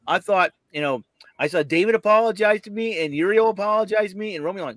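A man chatting casually on a podcast, telling a story in an animated way and laughing often. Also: sits high, fast talker, dry recording. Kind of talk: casual chat.

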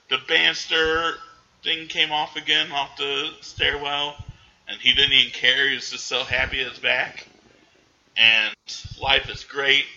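A man casually recapping a movie in animated chat, jumping into the characters' voices now and then. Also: fairly high pitch, highs cut off. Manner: animated, acts out characters in quick bursts.

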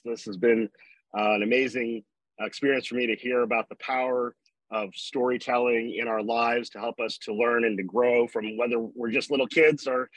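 A man taking his turn in an online talk, speaking in a measured, thoughtful way with a few fillers. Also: medium pitch, fairly bright tone, no echo, rough recording. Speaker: participant.

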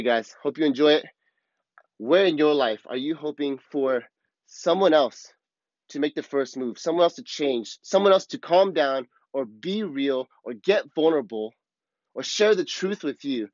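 A man's voice: mid-range voice, no echo, dull audio. A man hosting a podcast, telling a personal story in an earnest, casual way and swearing freely. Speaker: podcast host. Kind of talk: casual reflective monologue.

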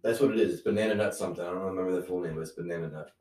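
A young man co-hosting a podcast who talks animatedly among friends and jumps into excited, emphatic bursts. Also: low-pitched, very fast, distant mic. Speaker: podcast co-host. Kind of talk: casual chat among friends. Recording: echoey room, off-mic.

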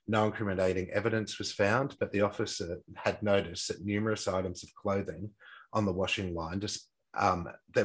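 Working from notes, a deep-voiced man casually recounts a true crime case, frequently tripping over words and starting again. His voice has a breathy edge, and the recording is rough. English isn't his first language, and he calls his accent poor.

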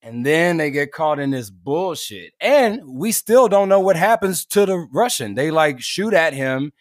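A man's voice: a little high, big pitch swings, measured pace, dry recording. Man, podcast guest, laid-back, swears, casual chat, dry close mic.

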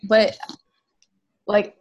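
A woman's voice: very slow, a little mellow, lo-fi sound. Curious young-sounding woman chatting. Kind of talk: casual chat.

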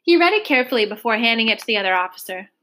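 Brief: woman reader, slightly high voice, steady read-along narration. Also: rapid-fire. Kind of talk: reading a novel aloud.

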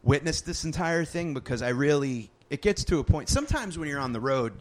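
A man's voice: a little high, fairly quick. A young adult man, a stand-up comedian, telling an exasperated story in casual chat with swearing. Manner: animated, exasperated storytelling with profanity.

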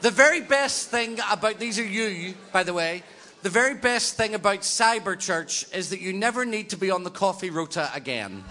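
A man's voice: high voice, expressive, normal speed, sharp tone. A man reading out audience comments at a church gathering, with wry joking asides.

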